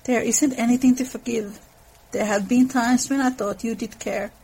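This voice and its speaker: A woman reading aloud the lines of an earnest young man who proposes and is hurt, in her husky voice. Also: fairly high pitch, fairly even intonation, moderate pace, darkish tone, low-quality recording. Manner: read aloud from a novel.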